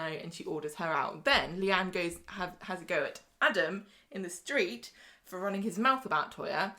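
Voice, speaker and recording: Woman podcast co-host, bright and chatty, tells the plot with quick quoted asides. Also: on the low side. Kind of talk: casual soap-opera recap chat.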